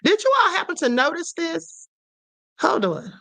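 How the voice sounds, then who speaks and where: A woman's voice: extremely high pitch, sing-song, normal speed, gravelly, sharp tone, no room sound. A woman hosting a political commentary livestream, talking emphatically to her viewers in a string of rhetorical questions. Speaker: livestream host.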